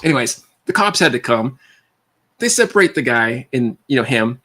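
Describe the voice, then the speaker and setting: A man hosting a livestream, telling stories casually, animated and acting out voices, often stammering and repeating words. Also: mid-range voice, moderate pace. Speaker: livestream host.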